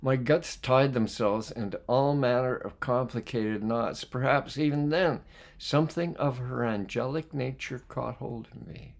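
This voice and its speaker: A man reading a book aloud as a life skills coach. He reads reflectively and pauses to put questions to his listeners. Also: medium pitch, gravelly. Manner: reflective, poses questions to listeners between passages. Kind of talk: reading aloud with spoken asides.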